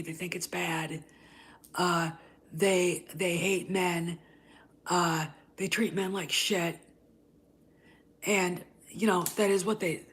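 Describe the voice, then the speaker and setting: A woman hosting a commentary vlog, ranting in a heated, scornful way, often tagging "okay?" and dropping into breathy near-whispered asides. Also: mid-range voice. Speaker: channel host.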